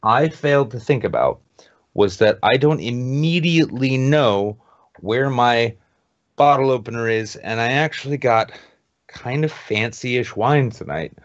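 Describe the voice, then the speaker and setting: A man co-hosting a casual livestream podcast, expressive and self-mocking in his delivery. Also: mid-range voice, a little slow. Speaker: podcast co-host. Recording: dull lo-fi mic.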